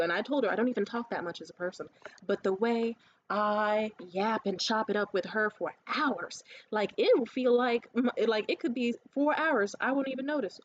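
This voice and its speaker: A woman ranting casually to the camera, telling stories in a lively, profane way and acting out other people's lines. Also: a little high, dull audio, a little hiss or hum. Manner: animated, profane storytelling; acts out others' lines in quick asides. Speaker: vlogger.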